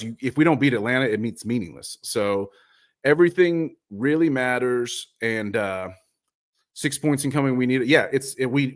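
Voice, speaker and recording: A man hosting a live soccer chat show, rambling, self-mocking and dropping the odd curse. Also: medium pitch. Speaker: podcast host.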